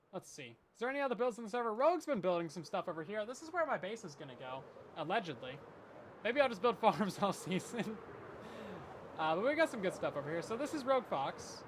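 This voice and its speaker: A male Minecraft streamer with a fairly high voice chats loosely and self-deprecatingly as he plays a survival game. Background noise fills the recording.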